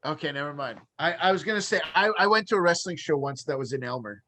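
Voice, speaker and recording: A man who is a comedian, a guest on a podcast, chatting casually and reacting quickly. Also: fairly high pitch, lively intonation, sharp tone, slight background noise.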